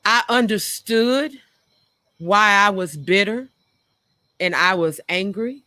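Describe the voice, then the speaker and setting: A woman's voice: medium pitch, slow pace, pushed and bright, dry recording. A middle-aged woman hosting a talk show, speaking frankly and earnestly about her own past and repeating phrases for emphasis. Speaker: show host. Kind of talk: reflective personal talk.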